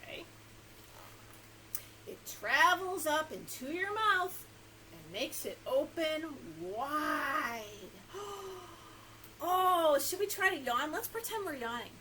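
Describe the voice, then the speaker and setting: A high, bright woman's voice reads a picture book to small children with lively swoops in pitch and an unhurried pace. She coaxes her young listeners with questions and laughs often, over a faint hiss of background noise. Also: rough recording. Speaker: children's librarian.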